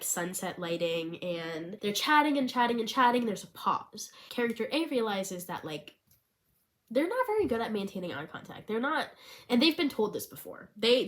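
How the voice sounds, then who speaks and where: A woman chatting casually in a vlog about writing a screenplay for fun. She rambles in a bubbly way, fills her talk with "like", and sometimes drops into a soft, hushed tone. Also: mid-range voice. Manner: bubbly, rambling, full of "like" fillers. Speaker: vlogger and hobby screenwriter.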